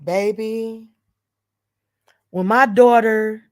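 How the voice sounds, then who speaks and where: Slow, emphatic middle-aged woman vlogger. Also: a little high, steady tone, darkish tone, no echo, clean studio sound. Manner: emphatic, repetitive, vowing and declaring. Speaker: channel host. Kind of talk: emotional direct-to-camera monologue.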